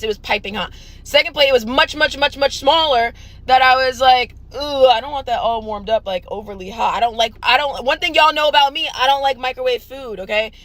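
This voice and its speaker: A woman's voice: sits high, fairly bright tone, poor audio. A young woman telling a storytime to camera, blunt and profane. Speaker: storytime vlogger. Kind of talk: casual storytime rant.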